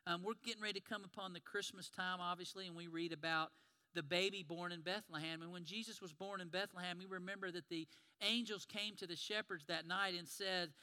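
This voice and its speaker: A man's voice: sits high, steady tone, brisk, bright, forceful tone, smooth, long reverb tail. A man preaching a sermon in a conversational storytelling way, retelling scenes and acting out the lines.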